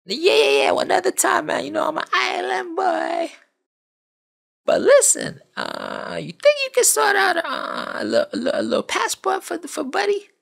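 A man's voice: very high voice, huge pitch swings, vocal fry, a bit bright, pitched above the performer's own voice, exaggerated voice. A man voicing a boastful young male island hacker who talks in brash, streetwise slang. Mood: pleading. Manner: bragging, streetwise slang, rapid repeats.

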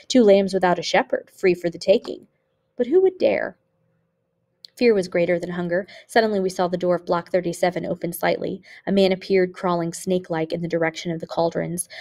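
A woman teacher reads a memoir aloud for her students in a low voice with a gravelly edge. Her reading is expressive, lifting on exclamations and dropping quiet on grim moments. The delivery is steady and clear.

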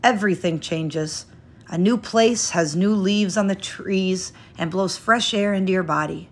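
A woman voicing a gentle father who speaks in a calm, comforting manner. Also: medium pitch, measured pace, natural voice. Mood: soothing.

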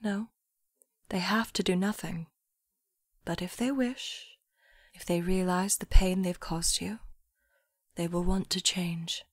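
A calm, murmuring young man guides her with soft, near-whispered words, as a woman reads him in a storybook. His delivery is slow and unhurried, and the recording sounds close and dry with no room around it. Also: on the low side, no room sound. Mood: gentle. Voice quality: murmuring, thick unplaced accent. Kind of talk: audiobook story reading.

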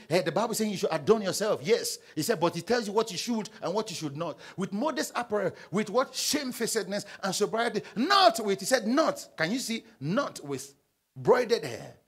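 A man's voice: high voice, slightly rough. A man preaching a sermon in church, reading scripture and asking his congregation to answer back. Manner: call-and-response preaching, asks the congregation questions. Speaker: pastor.

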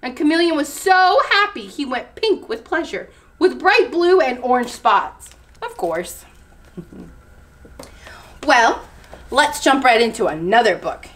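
With a high-sitting voice and a measured pace, a woman who works as a children's librarian reads picture books aloud at story time, full of animation and expression.

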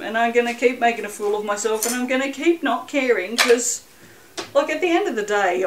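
A woman's voice: medium pitch, slight background noise, rough recording. Chatty woman vlogging. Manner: rambling, self-mocking, swears lightly. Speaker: soap maker vlogger. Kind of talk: casual chatty vlog.

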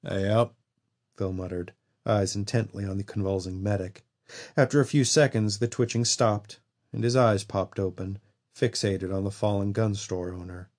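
Man, audiobook narrator, lowish voice, steady storytelling. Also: normal speed. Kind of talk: scripted narration.

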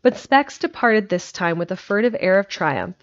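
A woman narrating a classic story chapter in a steady, even way. Her voice sits at a medium pitch. The home stream recording is slightly muffled and lo-fi. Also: normal speed. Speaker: audiobook reader.

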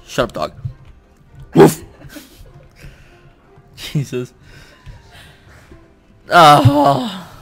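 Excitable young man yelling over a game. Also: mid-range voice, measured pace, long pauses, faint music behind. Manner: excitable, shouts and groans in frustration, jokes at himself. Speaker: YouTuber playing a video game. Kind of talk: let's play commentary. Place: at home. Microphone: desk microphone.

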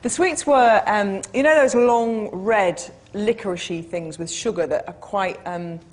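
Giggly breathy woman on a panel show. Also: mid-range voice, measured pace. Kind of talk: comic anecdote.

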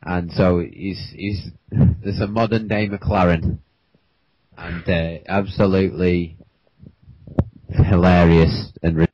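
Low-voiced British podcast host. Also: male voice, steady tone, slow, no echo. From Britain. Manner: rambling, with many likes and you knows. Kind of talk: casual football chat. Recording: dull lo-fi podcast mic.

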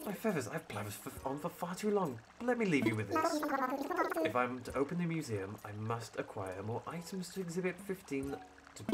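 Over loud game music in a very noisy recording, a man with a natural voice reads game dialogue in character on a stream. He plays a fussy, scholarly male owl who curates a museum and is squeamish about bugs, using a pompous, sophisticated tone full of flowery wording and sudden squeaky jumps.

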